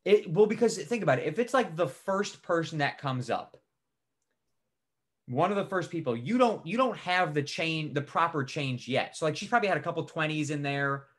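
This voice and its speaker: A man co-hosting a podcast, telling a story in animated casual chat, swearing freely and saying "like" a lot. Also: fairly high pitch, moderate pace. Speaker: podcast co-host.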